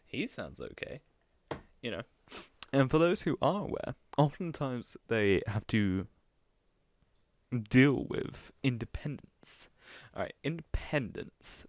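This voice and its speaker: A man's voice: mid-range voice, expressive, slow, no echo. Laughing, mocking male streamer. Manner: chatty, mocking, laughs often. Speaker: live streamer. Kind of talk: casual reaction commentary.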